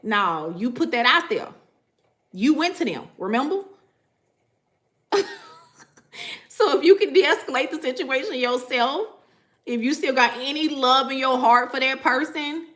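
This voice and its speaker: Bright-voiced woman, loose and profane. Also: high-pitched, a little slow, long pauses. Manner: profane, animated, laughs often, repeats "you know what I'm saying". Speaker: spiritual tarot vlogger. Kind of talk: casual talk to viewers.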